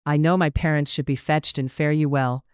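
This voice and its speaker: A narrator doing a lively young heroine. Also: medium pitch, moderate pace, clean tone, no echo, studio quality, natural voice. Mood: curious. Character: spirited young woman heroine. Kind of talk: audiobook narration.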